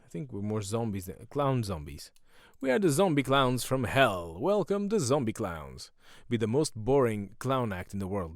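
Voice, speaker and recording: A middle-aged man hosting a solo podcast, rambling sardonically and breaking into quick silly voices. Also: fairly low pitch, vocal fry, darkish tone, no room sound, clean studio sound. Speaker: podcast host.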